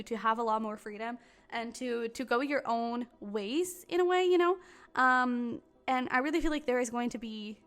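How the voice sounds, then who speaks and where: A woman's voice: a little high, normal speed. A woman doing a casual tarot reading to camera, talking in a rambling way full of fillers and restarts. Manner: chatty, lots of fillers and restarts. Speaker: tarot reader.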